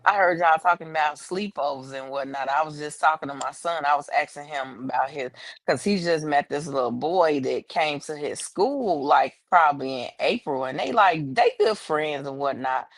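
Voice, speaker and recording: A woman's voice: deep voice, moderate pace, no room sound. A woman who is a parent, chatting casually on a live stream and telling a story about her son. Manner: conversational storytelling, agreeing often.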